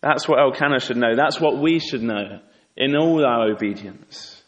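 A man's voice: medium pitch, moderate pace, a bit bright, lo-fi sound. A man preaching a sermon in an earnest, exhorting way, asking rhetorical questions. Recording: echoey hall with long reverb.

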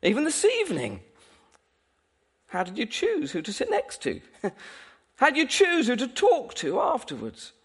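Delivering a sermon, this man sounds husky and a little slow, leaving long pauses. His voice sits high with big pitch swings, and he's lively and playful, laughing frequently as he goes.

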